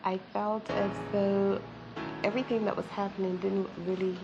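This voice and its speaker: A woman's voice: mid-range voice, flat delivery, gravelly, dull audio. Reflective woman, music behind. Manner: quiet, reflective, halting. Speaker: interviewee recalling events. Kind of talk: reflective documentary narration.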